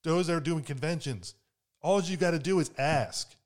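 A man's voice: on the high side, moderate pace. A man interviewing a guest, speaking in a friendly, hesitant way with many fillers. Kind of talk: casual interview chat.

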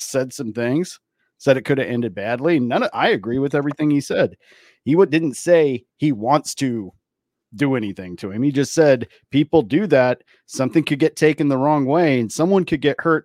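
A man's voice: mid-range voice, dry recording, clean studio sound. A man co-hosting a casual podcast chat, ranting bluntly with plenty of swearing. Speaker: podcast co-host.

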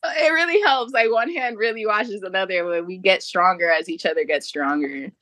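A woman guest on a casual podcast, talking in a relaxed way, full of fillers and casual swearing. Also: medium pitch, a little fast, no echo. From North Jersey.

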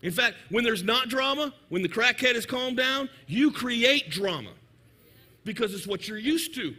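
A man preaching a lively, joking sermon in church, sometimes shouting for emphasis. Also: extremely high pitch, normal speed. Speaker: pastor. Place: church sanctuary.

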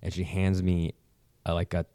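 A young American man with a very deep, mellow voice rambles through casual, profane chat and pokes fun at himself. The recording is dry and close. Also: monotone, moderate pace, no echo. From United States. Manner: rambling, profane, self-mocking.

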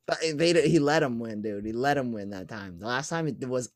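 Young male podcast co-host, excited storyteller, casual swearing, dry close sound. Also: medium pitch, brisk, no echo. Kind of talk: casual chat.

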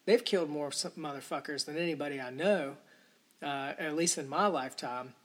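A man's voice: a little high, fairly quick, fairly bright tone. A man hosting a podcast, delivering a rambling, indignant solo rant full of profanity. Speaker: podcast host. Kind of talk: ranting solo podcast monologue.

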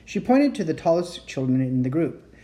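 A woman reading a children's chapter book aloud in a gentle, unhurried storytelling manner. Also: low voice, very animated. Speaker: reader.

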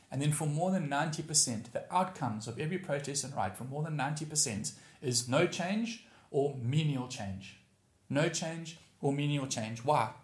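Emphatic pastor in a roomy hall. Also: male voice, medium pitch. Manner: emphatic, repeats key phrases for weight. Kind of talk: sermon.

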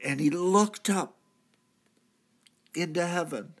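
A man with a high, exaggerated voice speaks slowly as the crucified thief who repented and found redemption. His church monologue is solemn and earnest storytelling that rises to cries at the pivotal points.

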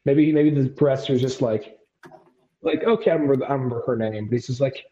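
A man's voice: medium pitch, brisk. A man co-hosting a casual podcast chat, offhand and joking. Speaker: podcast co-host. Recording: roomy, dull lo-fi sound.

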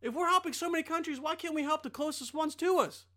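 A man's voice: extremely high pitch, fast, bright, forceful tone. A young man ranting in a casual monologue, profane and rambling, often sidetracked.

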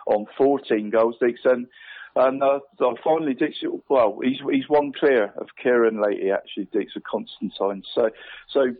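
A man phones into a radio sports show with his league round-up, stumbling and repeating words as he goes. His voice sits at an ordinary middle pitch and comes through a thin, tinny phone line. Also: moderate pace. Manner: hesitant, repeats words, says "mate" constantly. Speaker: football league pundit.

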